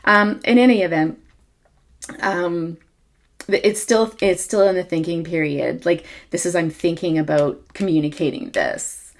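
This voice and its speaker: Low-voiced woman giving a halting tarot reading. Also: darkish tone. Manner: halting, many ums and self-corrections. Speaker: tarot reader. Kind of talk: casual tarot reading to camera.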